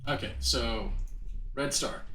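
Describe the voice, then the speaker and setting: A man's voice: mid-range voice, slow pace, pushed and bright. A man streaming a game live, chatting with his viewers, laughing often and tripping over his words. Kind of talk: live gameplay commentary. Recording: roomy room with game music behind.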